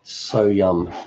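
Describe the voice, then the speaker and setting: A man's voice: deep voice, darkish tone, muffled recording, slight background noise. A man hosting a cooking channel's live Q&A. He reads viewer comments aloud and answers them in an easygoing, off-the-cuff way. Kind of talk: casual live-stream Q&A.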